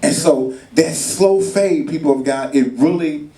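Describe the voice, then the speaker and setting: A man preaches at a marriage retreat in a casual, storytelling way, slipping into acted voices. His voice sits fairly high for a man and carries through an echoey hall, with the mic some way off. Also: unhurried, dark tone. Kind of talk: sermon. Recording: echoey room, mic far off.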